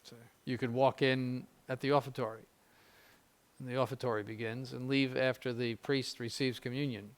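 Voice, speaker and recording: An older bishop talks to seminarians at normal speed in a mid-range voice with little pitch movement, giving an informal spiritual conference. His delivery is conversational, with repeated words, frequent restarts, gentle jokes, and dry irony.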